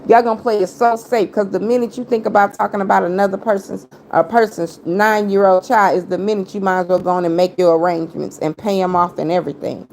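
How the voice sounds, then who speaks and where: A woman's voice: mid-range voice, steady tone, fast talker, few pauses, darkish tone, a little hiss or hum. A woman livestreaming an angry rant at her critics, confrontational and taunting, repeating her jabs in heavy slang. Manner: heavy slang, talks straight at viewers.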